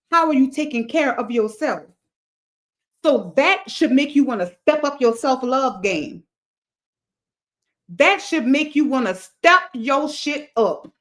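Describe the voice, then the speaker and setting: A woman's voice: high voice, fairly bright tone. A woman hosting a motivational livestream, talking to her chat in an emphatic, repetitive cadence like a preacher. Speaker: livestream host.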